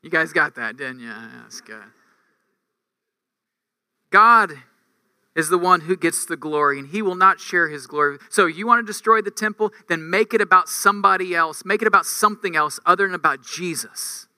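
A male preacher with a high, keen voice and a sharp, bright edge, delivering a conversational sermon. He builds his points through rhetorical questions and climbs to emphatic peaks. The sound is dry and close, with no room echo. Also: moderate pace. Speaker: campus ministry preacher.

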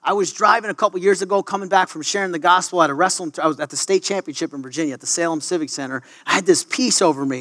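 A man who is a wrestling coach, giving an excitable devotional talk to his team, often stumbling and restarting sentences. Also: on the high side.

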